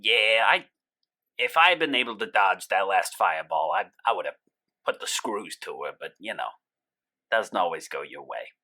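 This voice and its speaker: A man joins a tabletop game with wry, dry remarks. His voice is bright and forceful, at a middle pitch. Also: expressive, normal speed. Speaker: player. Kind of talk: casual tabletop play.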